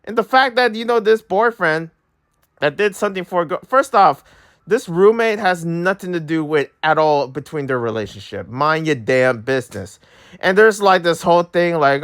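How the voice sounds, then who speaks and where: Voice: medium pitch, expressive, normal speed, a bit bright. A young adult vlogger ranting in an exasperated way, repeating and restarting words, with an accent that drifts around. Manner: accent drifts and shifts when angry. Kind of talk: ranting commentary vlog.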